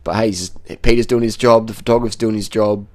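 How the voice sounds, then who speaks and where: A man's voice: fairly low pitch, steady tone, fast talker, darkish tone. A man giving casual running commentary on race footage as a cycling vlogger, blunt and profane, repeating short phrases.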